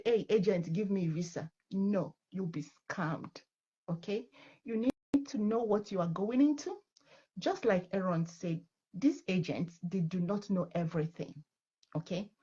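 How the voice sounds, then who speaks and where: A woman guest speaks firmly and instructively, checking in with her listeners as she goes. Her voice is husky. The sound is dull and lo-fi. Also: medium pitch, darkish tone. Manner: firm, instructive, ends points with "okay?".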